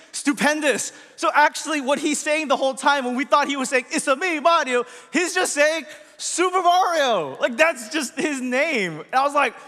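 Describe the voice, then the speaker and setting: A man's voice: very high voice, bright, forceful tone. A man giving a conversational sermon as pastor, chatty and asking the congregation questions, in a church hall. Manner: chatty, asks the audience questions. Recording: long reverb of a large hall.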